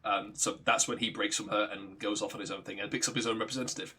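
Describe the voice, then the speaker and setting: A man's voice: on the low side, steady tone, fast, noisy background. A man streaming a video game, chatting loosely and swearing freely as he rambles and corrects himself. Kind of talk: casual chat while playing a game.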